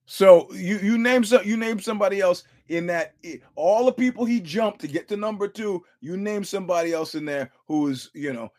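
A man's voice: high-pitched, a little mellow. A male podcast host giving casual fight commentary. He tells profane stories, acts out quotes, repeats and restarts his words, and chuckles often.

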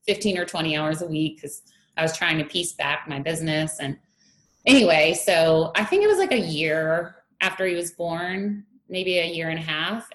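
Woman guest, 30s, lowish voice, candid storyteller, echoey room with faint hum; laughs easily. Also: a bit bright. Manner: candid, laughs often, acts out her past thoughts. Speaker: strength coach, guest. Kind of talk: conversational interview storytelling.

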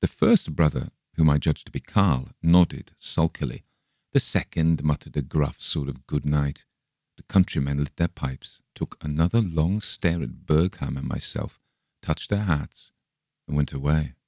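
A man reading a Victorian story aloud as an audiobook narrator, steady and measured, lifting his voice a little for the quoted speech. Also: a bass voice, creaky, no echo, studio quality. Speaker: audiobook reader. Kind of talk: scripted narration.

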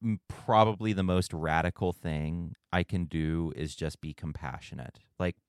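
Deep-voiced and unhurried, this podcast host speaks with a clear, resonant tone in a clean studio recording free of room sound. During the conversational interview he muses hesitantly, frequently starting sentences over.

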